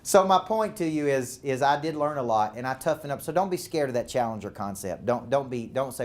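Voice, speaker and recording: A man's voice: mid-range voice, animated, fast talker, few pauses, darkish tone, slight background noise. Southern male sales coach, emphatic talk with repeated words and rhetorical questions. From Tennessee.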